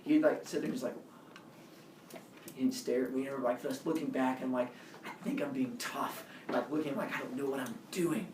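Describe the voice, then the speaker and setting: A man casually telling a personal story as a podcast host, animated, acting out quotes with loud jumps. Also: mid-range voice, normal speed, a little hiss or hum. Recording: echoey room, mic at a distance.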